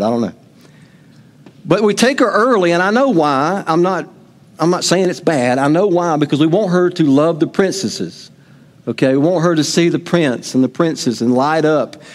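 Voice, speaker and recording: A middle-aged man, preaching a sermon and telling family stories to his congregation in a folksy way. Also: fairly high pitch. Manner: folksy storytelling, talks to the congregation. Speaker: pastor. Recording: long hall reverb.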